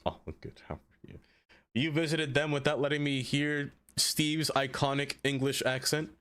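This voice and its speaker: A man's voice: fairly high pitch, steady tone, normal speed, fairly bright tone, clear, resonant tone. A man streaming live in casual chat, rambling and answering viewers by name, with lots of "like" fillers. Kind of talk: casual live-stream chat while playing a city-building game.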